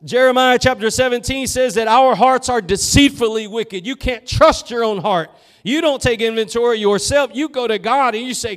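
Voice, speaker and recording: High-voiced preacher man. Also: moderate pace, hardly any pauses. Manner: fervent preaching with swings from loud to hushed. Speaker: pastor. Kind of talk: sermon. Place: church sanctuary.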